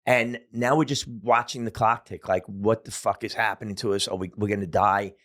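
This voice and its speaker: A man's voice: on the low side, steady tone, normal speed, fairly bright tone. A middle-aged man telling a story as a podcast guest, casual and profane, with many fillers.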